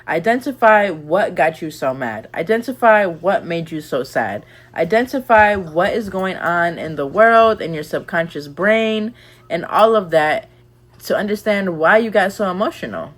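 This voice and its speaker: A woman's voice: on the low side, animated, a little slow. A young woman giving candid, chatty advice in a casual vlog, rambling with lots of "like"s. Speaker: lifestyle vlogger.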